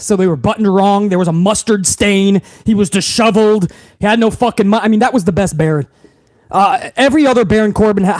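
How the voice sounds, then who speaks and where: A man's voice: high voice, darkish tone, dry recording. A man hosting a live wrestling recap stream, talking in a profane, rambling way with frequent restarts. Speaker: wrestling show host.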